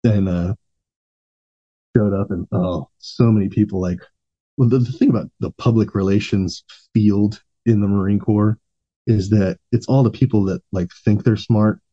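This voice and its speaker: A man's voice: lowish voice, fairly even intonation, normal speed, warm tone, breathy edge, lo-fi sound. A man, a veteran podcast guest, telling long profane anecdotes in a laid-back, rambling way. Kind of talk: casual storytelling.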